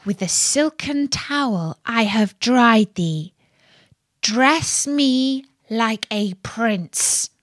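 A gentle, earnest young gardener boy from a storybook, read by a woman. The lines come slowly and softly. The sound is close and dry, with no room around it. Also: on the high side, animated, dry recording. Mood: incanting. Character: young male gardener boy dressed as prince.

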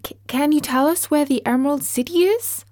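A woman's voice: brisk, no room sound, clean studio sound, natural voice. Dorothy, a woman doing an earnest little girl. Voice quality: high, bright girlish voice. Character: young girl, earnest and hopeful.

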